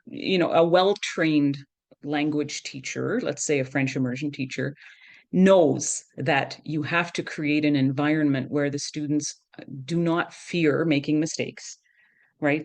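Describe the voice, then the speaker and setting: A middle-aged woman, a professor of education, explaining things in a conversational interview and often checking in with "right?". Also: low-pitched. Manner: explanatory, frequently adds "right?".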